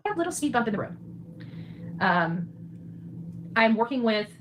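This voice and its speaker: A woman's voice: fairly high pitch, big pitch swings, moderate pace, fairly bright tone, a little hiss or hum, rough recording. A woman in her forties speaking straight to her viewers, defiant and reassuring, preachy, and often tagging lines with "okay?". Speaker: citizen journalist livestreamer. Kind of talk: direct address to viewers.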